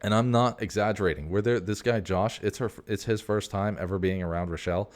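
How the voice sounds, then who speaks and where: A man's voice: lowish voice, fairly quick. A man in his forties hosting a casual, rambling monologue, a profane storyteller who keeps drifting off on tangents. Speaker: host.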